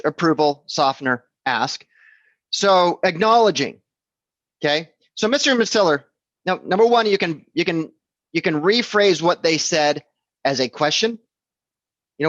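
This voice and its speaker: Here a man with a fairly high, expressive, slightly bright voice speaks a little slowly while giving a relaxed lesson on selling real estate. He repeats himself, keeps it conversational, and keeps asking "okay?" and "right?" to check in with his audience. The audio is dry and dull.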